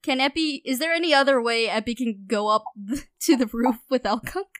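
A woman playing a tabletop game, excitable and giggly. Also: fairly high pitch, brisk. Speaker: player. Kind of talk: casual tabletop play.

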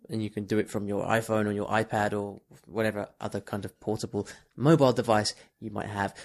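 Podcast host guy, talks quick and upbeat, friendly wrap-up chatter. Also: on the low side, creaky. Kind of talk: casual podcast chat.

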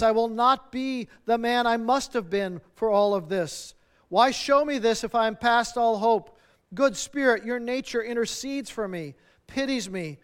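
A preacher reading aloud the lines of a remorseful old miser who pleads loudly with a spirit. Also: male voice, very high voice, clear, resonant tone. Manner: loud, pleading, read aloud from a book.

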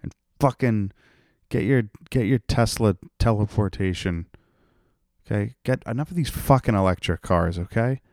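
Young guy, low smooth voice, dry close sound; sarcastic, profane podcast host. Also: normal speed, darkish tone, no room sound. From Rhode Island, United States. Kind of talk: casual solo podcast rant.

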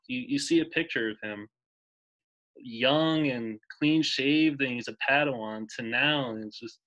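Bright-voiced man in his twenties, enthusiastic. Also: medium pitch, low-quality recording. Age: 20s. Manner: enthusiastic, emotional, rambling with restarts. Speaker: podcast co-host. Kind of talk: casual chat.

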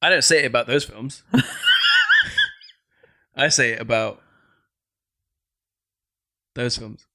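A man's voice: medium pitch, takes it slowly, pauses often, bright, forceful tone. A man co-hosting a podcast, chatting casually with lots of hesitations. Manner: laughs easily, hesitant filler-heavy. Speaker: podcast co-host. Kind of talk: casual chat.

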